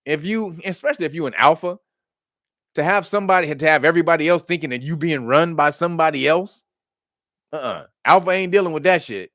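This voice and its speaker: A man, commenting in casual talk, animated, acting out the quotes and laughing often. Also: fairly quick, no room sound, studio quality. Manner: animated storytelling, acts out quotes in high mocking voices, laughs often. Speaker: commentary host.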